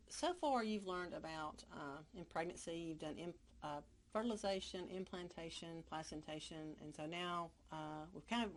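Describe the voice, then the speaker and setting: A woman instructor with a cold and a hoarse voice, giving a casual recorded lecture with many fillers and check-ins. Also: fairly low pitch, slight background noise.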